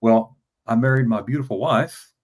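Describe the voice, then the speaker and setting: With a medium-pitched, breathy-edged voice at normal speed, this man in his fifties tells a long personal story as a guest on a casual interview. He's a travel vlogger, and his speech is marked by stammering, repeated words, and plenty of fillers.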